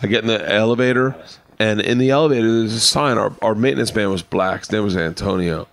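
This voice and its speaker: Backstage at a comedy club on a late-night podcast, a tipsy middle-aged comedian tells loud, animated stories, laughing and talking over the others. His gravelly voice is on the low side and moves quickly.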